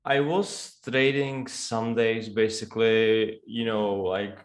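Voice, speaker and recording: A man with a Russian accent talks casually as a guest on a call. His voice sits fairly low, and he speaks in halting bursts full of restarts and fillers. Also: steady tone, poor audio. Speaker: guest trader. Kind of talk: casual chat. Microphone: headset or headphone mic on a call.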